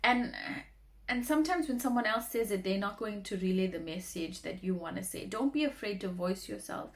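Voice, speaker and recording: A woman's voice: mid-range voice, lively intonation, normal speed. A woman, a former radio talk show host, giving earnest, encouraging advice in a motivational vlog, often repeating words for emphasis.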